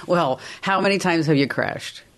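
A woman's voice: fairly low pitch, normal speed. A woman hosting a radio call-in show, chatting casually and rambling through a story.

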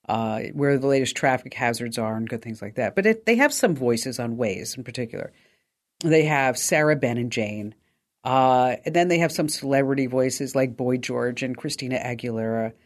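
An upbeat woman hosts a call-in tech radio show. She moves from chatty tips into a breezy sponsor read, talking quickly and lightly. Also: extremely low pitch.

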